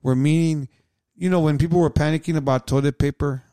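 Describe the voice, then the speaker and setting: A man's voice: fairly high pitch, fairly even intonation, a little fast, mellow, dry recording, clean studio sound. A middle-aged man chatting casually as a podcast co-host, telling rambling stories with many restarts. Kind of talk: casual chat.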